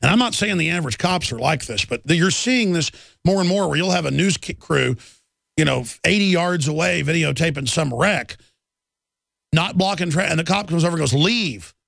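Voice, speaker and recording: Gravelly indignant talk radio host. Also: male voice, on the high side, lively intonation, brisk, fairly bright tone, no echo, studio quality. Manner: indignant, ranting, restarts and repeats words. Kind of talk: live talk radio monologue.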